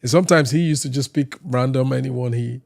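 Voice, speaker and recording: Gravelly man telling stories. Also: medium pitch, brisk. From Nigeria. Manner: lively anecdote teller who acts out other people's lines. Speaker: podcast guest, singer. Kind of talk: casual storytelling chat.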